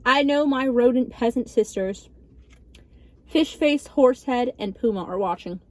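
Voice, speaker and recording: A woman's voice: a little high, expressive, measured pace. A woman in her early twenties chatting casually while eating on camera, telling her stories in a sarcastic, dramatic way. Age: early 20s. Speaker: vlogger. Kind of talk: casual mukbang chat.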